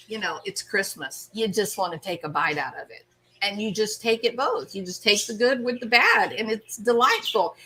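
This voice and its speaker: A woman hosting a casual live stream, chatting with her viewers by name in an animated way and often laughing. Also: a little high, husky. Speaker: host.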